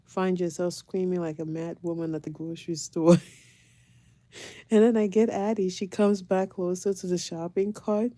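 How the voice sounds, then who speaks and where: A mother tells her stories in a casual vlog, animated and quick to laugh. Her voice sits low and warm. The sound is dry and close, with no room around it. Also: dry recording. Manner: animated, laughing, dramatic retelling. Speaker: mother of four, vlogger.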